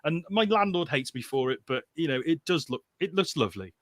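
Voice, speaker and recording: A man's voice: fairly high pitch, expressive, fairly quick, no echo. A man hosting a casual interview, talking with earnest enthusiasm and getting openly emotional about the subject. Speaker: podcast host.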